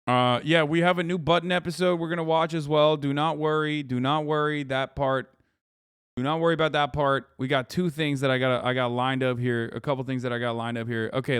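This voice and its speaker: A man streaming live, reacting to clips with profane, mocking, animated commentary. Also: fairly high pitch, smooth, no echo, clean studio sound. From United States.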